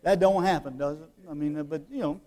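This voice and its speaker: A man delivers a sermon in a conversational manner, throwing rhetorical questions at the congregation. He shifts between soft, stretched-out phrases and loud emphasis, and his voice runs on the high side.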